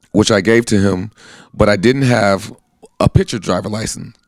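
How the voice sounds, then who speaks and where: With a fairly low voice on a dry, clean studio recording, an American army veteran in his thirties tells his personal story as a guest. He is earnest and plainspoken, talks conversationally, and performs the voices of people he quotes.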